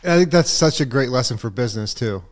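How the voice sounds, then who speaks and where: A man hosting a casual podcast interview, encouraging his guest and sometimes dropping into low asides. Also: lively intonation, fast talker. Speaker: podcast host.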